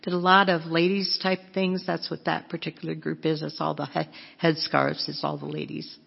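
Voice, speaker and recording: Woman, missionary speaker, self-mocking storytelling, raspy voice, long echo of a hall. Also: sits low, flat delivery, normal speed, muffled recording. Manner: chatty, self-mocking, laughs often. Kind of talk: humorous storytelling talk.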